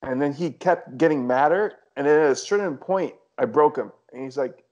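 A man's voice: medium pitch, fairly quick, creaky, hardly any pauses, darkish tone. Wry man on a slightly dull recording. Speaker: podcast co-host. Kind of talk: casual podcast chat.

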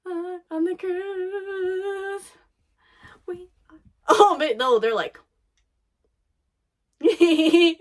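Excitable bright-voiced woman reacting. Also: extremely high pitch, extremely slow, long pauses. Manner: excitable, gasping, swearing, breaks into laughs. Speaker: anime reaction host. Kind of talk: live reaction commentary.

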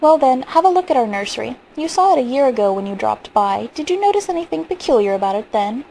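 Brooding, fed-up father of two, voiced by a woman reader, gravelly tone. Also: high voice, sing-song, fast, warm tone, a little hiss or hum, full character voice, poor audio. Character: stern worried father of two.

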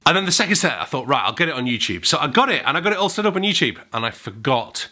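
A man's voice: on the high side, very animated, very fast, bright, forceful tone. A man hosting his own vlog, chatting casually and cheerfully to his viewers. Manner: chatty, apologetic, upbeat. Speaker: vlog host and musician. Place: at home indoors.

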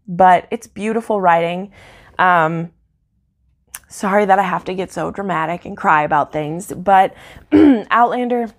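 A woman's voice: lowish voice, steady tone, measured pace. A woman book YouTuber chatting casually and emotionally about a novel, rambling with plenty of fillers. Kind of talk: casual book review chat.

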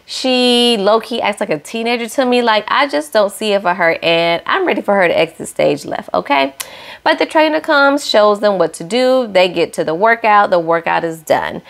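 A young woman hosting a casual reality-show recap, sassy and opinionated, scolding the cast directly. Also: mid-range voice.

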